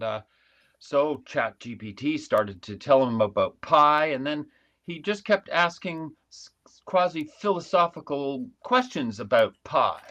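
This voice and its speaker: A man telling a long story in a casual live video chat from his small dark home studio, with frequent restarts. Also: mid-range voice, lo-fi sound. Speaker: guest commentator. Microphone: video call.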